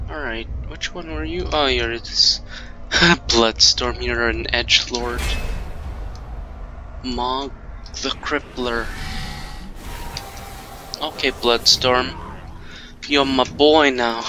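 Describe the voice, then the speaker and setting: A man's voice: mid-range voice, steady tone, takes it slowly, long pauses, low-quality recording. A man giving casual let's-play commentary, joking around and taunting the enemies on screen. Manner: playful, jokey, taunts game enemies. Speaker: gameplay commentator. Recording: game music under voice. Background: game music.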